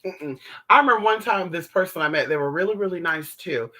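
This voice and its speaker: A man hosting a casual livestream, answering viewer chat in a sassy, animated way, calling his viewers honey and swearing freely. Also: high-pitched, fairly quick. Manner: theatrical outbursts while retelling stories.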